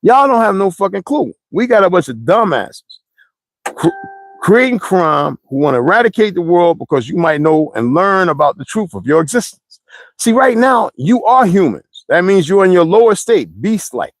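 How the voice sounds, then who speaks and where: In a high, sing-song voice at a moderate pace, an American streamer rants to viewers in a dry, echo-free recording. His monologue rambles through stories, blunt and crude, packed with slang.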